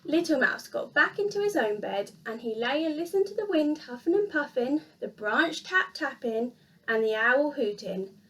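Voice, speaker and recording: A woman reading a children's picture book aloud in an expressive, sing-song storyteller manner. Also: high voice, moderate pace, recorded from a distance.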